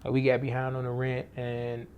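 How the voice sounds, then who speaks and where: A young man in a documentary interview, talking lively and repeating words as he gets going. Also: medium pitch, moderate pace, clean tone, narrow, tinny audio.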